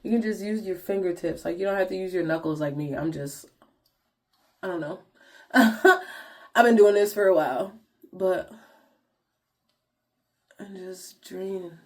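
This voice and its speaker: A woman's voice: fairly low pitch, normal speed, long pauses. A young woman vlogger chatting casually to viewers in slangy talk while walking through her skincare routine. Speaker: beauty vlogger.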